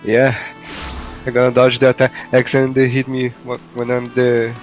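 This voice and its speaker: A man from Brazil, speaking English as an in casual voice chat, halting and searching for words. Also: medium pitch, monotone. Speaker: friend playing along. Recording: game music behind voice.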